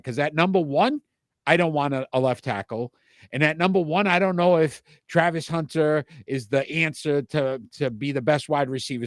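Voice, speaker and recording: A man's voice: fairly high pitch, dry recording, studio quality. A man with a Rhode Island accent co-hosting a sports talk show, giving opinionated rankings and often restarting with repeated words.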